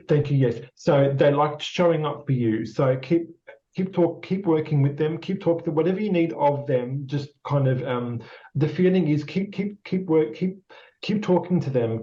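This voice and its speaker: A man's voice: mid-range voice, warm tone. An Australian man, a psychic medium, giving a casual, rambling and encouraging reading full of repetitions and fillers. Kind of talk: casual spirit reading with a guest. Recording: slightly dull lo-fi sound.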